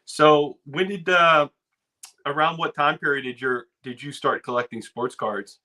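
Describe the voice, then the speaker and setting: Male host, bright tense voice, stop-start questions, casual chat. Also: fairly high pitch, steady tone. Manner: halting questions with many restarts, laughs easily. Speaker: interview host.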